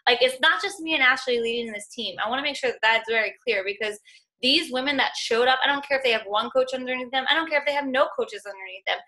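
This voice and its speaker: A young woman with a raised, bright, forceful voice gives her team an earnest pep talk over a group call. She is casual and encouraging and keeps dropping in "like" and "y'all". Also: high voice, fast. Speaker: fitness coaching team leader.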